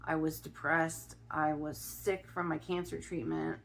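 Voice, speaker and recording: A middle-aged woman from Ohio telling a personal story in a chatty vlog, often restarting her sentences and filling pauses. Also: sits low. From Ohio, USA. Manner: chatty, with many restarts and fillers. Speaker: spiritual vlogger.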